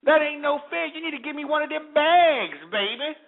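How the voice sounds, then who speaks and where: A man putting on a whiny, entitled beggar who drags out each word in a high, mocking drawl. The voice sits high and comes through a narrow, tinny lo-fi radio sound. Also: animated, moderate pace, vocal fry, exaggerated voice. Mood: whining. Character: whiny entitled adult man begging for bags.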